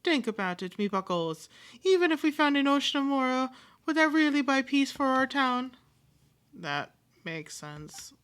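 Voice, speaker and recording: Bright-voiced woman reading game lines aloud. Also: sits high, big pitch swings, normal speed. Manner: reads every part aloud, switching voices and accents, sometimes with pirate flourishes. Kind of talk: playful voicing of game dialogue.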